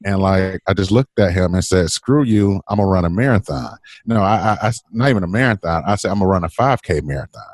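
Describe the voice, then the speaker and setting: A man, telling his story as a podcast guest in a lively, laughing way. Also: deep voice, a little fast, hardly any pauses, dry recording, studio quality. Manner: animated, laughing, acts out quoted voices. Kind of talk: casual storytelling.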